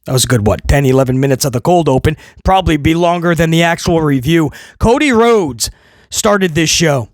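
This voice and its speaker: A man hosting a wrestling review, ranting sarcastically and swinging between loud mocking outbursts and low muttering. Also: lively intonation, fairly quick, no echo, clean studio sound. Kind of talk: opinionated review rant.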